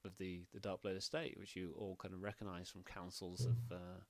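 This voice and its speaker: A man's voice: low-pitched, flat delivery, fairly quick, no echo. A man narrating as game master, rambling with many fillers.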